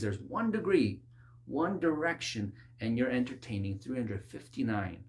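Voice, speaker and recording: A man preaching a sermon in an animated way, dropping to low murmurs and rising to high, insistent exclamations, with mocking asides. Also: moderate pace. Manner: mocking, acts out worldly voices.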